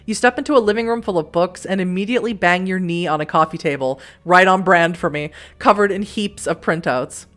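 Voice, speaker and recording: A woman's voice: on the low side, quick pace, hardly any pauses, a bit bright. A young woman hosting a let's play, reading a story game aloud with giggly, self-mocking asides.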